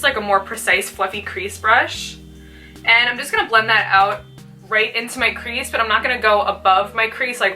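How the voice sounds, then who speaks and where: A woman's voice: mid-range voice, sharp tone, recorded from a distance. A young woman chatting casually while doing a makeup tutorial, peppering her talk with "like". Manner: chatty, fills speech with "like". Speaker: beauty vlogger.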